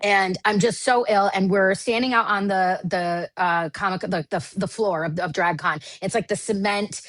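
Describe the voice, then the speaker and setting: A woman's voice: mid-range voice, normal speed, no room sound. Woman from michigan telling a wild story, self-deprecating, says like a lot, dry close sound. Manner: animated, self-deprecating, heavy use of "like". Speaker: podcast guest, Broadway actress. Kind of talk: casual storytelling anecdote.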